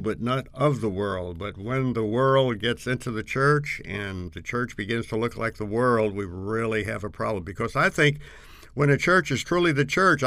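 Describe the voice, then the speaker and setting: A man answers in a calm, reflective way and cites scripture to back his points. He sounds close to the mic, in a dry, dead room with no echo. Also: mid-range voice. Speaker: pastor and radio guest addressed as Doctor. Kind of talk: measured talk-show answer.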